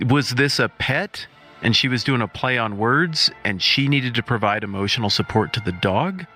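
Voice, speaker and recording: Joking man with a bright voice. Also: mid-range voice, lively intonation, faint music behind. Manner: quick, joking questions and reactions. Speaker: podcast co-host. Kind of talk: casual chat.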